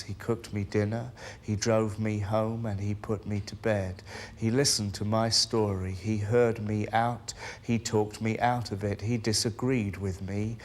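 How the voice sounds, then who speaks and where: A man from England performing his own spoken word poem in a slow, measured delivery with long pauses. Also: fairly low pitch, a little hiss or hum.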